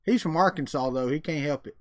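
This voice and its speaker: A man's voice: on the high side, quick pace, dry recording. Folksy Southern man, dry close mic. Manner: folksy, drawling, jokey. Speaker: livestream host. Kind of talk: casual chat with live viewers.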